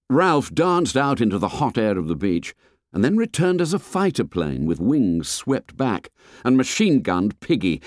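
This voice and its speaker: A man reading a novel aloud as an audiobook narrator, in an expressive storytelling manner. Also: on the low side, normal speed, no room sound, clean studio sound. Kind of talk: scripted narration.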